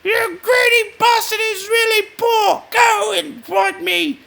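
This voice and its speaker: A man voicing a haughty, stingy old king in a shrill, mocking shout. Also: takes it slowly, creaky, full character voice.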